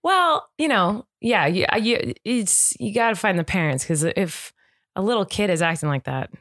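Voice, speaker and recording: A woman's voice: mid-range voice, lively intonation, normal speed, fairly bright tone, no room sound, clean studio sound. A woman in her thirties co-hosting a podcast, chatting casually and reading a sponsor spot. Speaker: podcast co-host. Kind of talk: casual chat and host-read ad.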